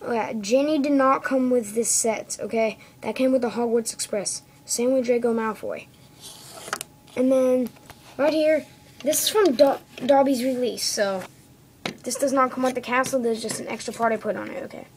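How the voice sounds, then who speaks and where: A woman talks through a toy set in a loose show-and-tell, stopping to correct herself and checking in with "okay?". Her voice sits a little high, with a warm, mellow tone. It is recorded on a phone indoors at home. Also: normal speed, a little hiss or hum, rough recording. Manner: rambling, corrects herself often, tags lines with "okay?". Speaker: toy reviewer. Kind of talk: casual show-and-tell review. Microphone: phone camera.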